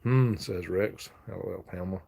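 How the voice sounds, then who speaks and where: A man's voice: low-pitched, normal speed, vocal fry, mellow. A man hosting a casual live stream, reading viewer comments aloud, chatting and laughing often. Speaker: livestream host reading chat.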